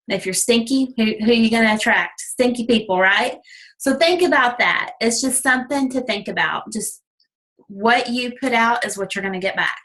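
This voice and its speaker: A woman's voice: medium pitch, a bit bright, low-quality recording. A woman team leader giving a folksy, encouraging motivational talk, candid and self-deprecating, often checking in with "okay?".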